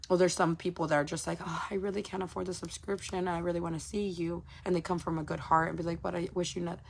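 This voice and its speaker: A woman content creator talking bluntly and casually to her supporters on a livestream, swearing often and throwing in quick asides. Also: deep voice, vocal fry, fairly bright tone.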